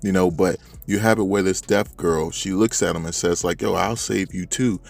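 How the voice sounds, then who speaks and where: This is a man with a fairly low voice, running through a manga chapter in loose, slangy talk and addressing his viewers directly. Faint music plays underneath him. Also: moderate pace, creaky. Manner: animated, slangy, talks straight to viewers. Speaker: manga reviewer. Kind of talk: casual chapter recap.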